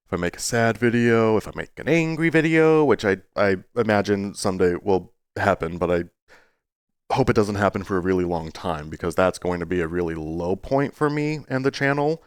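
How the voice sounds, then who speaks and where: Man, vlogger, low voice, dry close sound, rambling, earnest, playful. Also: lively intonation, normal speed, clean tone, dry recording. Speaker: YouTuber. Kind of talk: casual talking-to-camera monologue.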